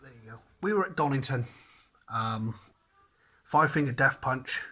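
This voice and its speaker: Husky man telling a festival story. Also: medium pitch, lively intonation, unhurried, pushed and bright. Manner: chatty storyteller, acts out quotes. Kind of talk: casual anecdote.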